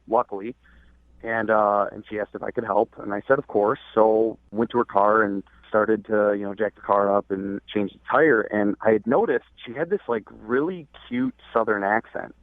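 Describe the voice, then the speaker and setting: A man's voice: on the low side, no echo. A young adult man calling in to a radio show, telling a dating story in a hesitant, rambling way full of fillers. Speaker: caller. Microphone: telephone. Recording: tinny dry phone line.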